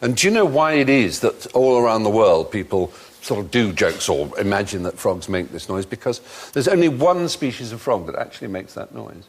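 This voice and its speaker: Animated man hosting a comedy quiz show. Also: fairly low pitch, brisk, hardly any pauses. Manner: animated storytelling, puts on squawky hen voice in jokes. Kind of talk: comic panel show banter. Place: TV studio with audience.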